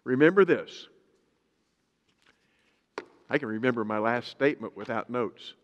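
A man, a pastor, preaching a sermon in a lively way, reading scripture aloud in a slow, deliberate manner. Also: mid-range voice, muffled recording, slight background noise. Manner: lively preaching, reads scripture slowly and emphatically. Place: church sanctuary. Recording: reverberant church hall.

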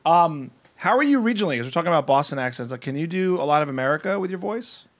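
Higher-voiced man hosting a podcast. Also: lively intonation, fast. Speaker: podcast host. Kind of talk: casual podcast chat.

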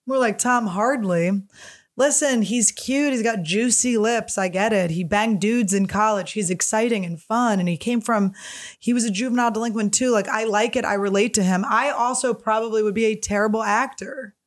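A woman's voice: a little high, normal speed. A woman comedian hosting a podcast, rambling in stream-of-consciousness style and swearing freely. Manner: rambling stream-of-consciousness, profane, jumps topics. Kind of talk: casual solo podcast chat.

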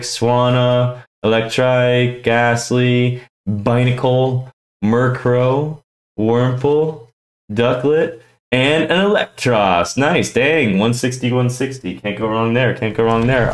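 A young man hosting a casual card-opening vlog, slangy and excitable, tossing "yo" into his talk. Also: medium pitch, reverberant, low-quality recording. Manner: excitable, slangy, says "yo" a lot. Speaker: YouTube card-opening host.

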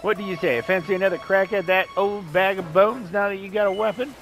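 A man's voice: high-pitched, a little fast, fairly bright tone, rough recording. A man voicing a cocky, mocking male skeleton sailor in a put-on Southern accent over game music. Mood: taunting. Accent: put-on American Southern. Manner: taunting, brash, cackling laugh.

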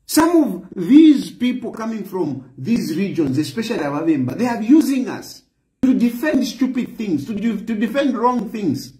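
A man's voice: sits high, sing-song, normal speed, dark tone, roomy sound, poor audio. A man giving impassioned political commentary, firing off repeated rhetorical questions. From Zambia. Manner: heated, repetitive rhetorical questions.

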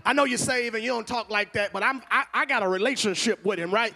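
A man preaching a sermon as pastor, moving from low conversational asides to loud shouted call-and-response. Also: fast talker, hardly any pauses.

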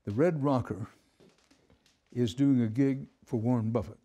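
Mellow husky-voiced male interviewer. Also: medium pitch, measured pace. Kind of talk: interview questions.

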